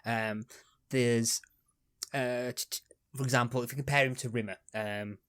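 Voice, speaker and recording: A man's voice: mid-range voice, steady tone, moderate pace, fairly bright tone, smooth, no echo. Brief: male host, casual rambling analysis, dead-dry recording. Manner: rambling, many restarts and fillers. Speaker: podcast host. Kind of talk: casual podcast chat.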